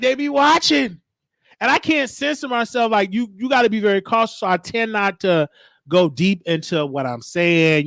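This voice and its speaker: A man hosting a talk show, telling stories in a casual, slangy, animated monologue. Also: high voice, vocal fry, dry recording. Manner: animated, slangy, acts out quotes.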